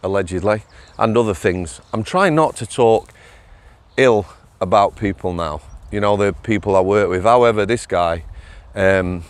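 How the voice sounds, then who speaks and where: A man telling a workplace story in a casual, chatty monologue, often laughing and asking "yeah?". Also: sits low. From England. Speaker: former prison officer vlogger.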